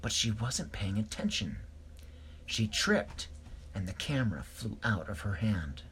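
A man telling an improvised story, hesitant, pausing and correcting himself. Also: fairly low pitch, very animated, fairly bright tone, a little hiss or hum.

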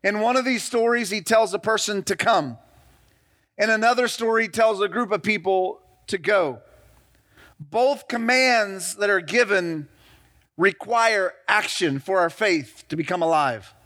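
A man's voice: high voice, a little slow, fairly bright tone. A middle-aged man preaching a sermon as pastor, retelling scripture and asking the congregation call-and-response questions.

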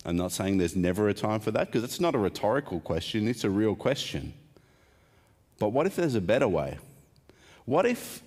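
Deep-voiced male preacher in a reverberant hall. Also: darkish tone. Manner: conversational, asks the congregation questions, wry asides. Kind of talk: sermon.

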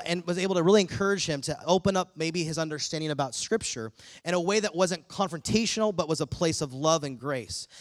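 A man preaching a sermon, telling a story with lively acted-out dialogue, a middle-aged pastor. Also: high-pitched, no echo, studio quality.

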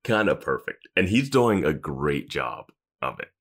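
A man co-hosting a podcast, chatting casually in a relaxed, agreeable way. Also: a bass voice, unhurried, husky. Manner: relaxed, agreeable, frequent "yeah". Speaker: podcast co-host. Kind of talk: casual chat.

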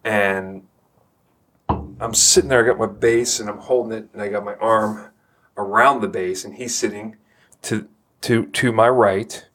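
A man telling a funny story in a casual chat, animated and laughing as he talks. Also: on the low side, measured pace, pauses often, husky. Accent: Texan.

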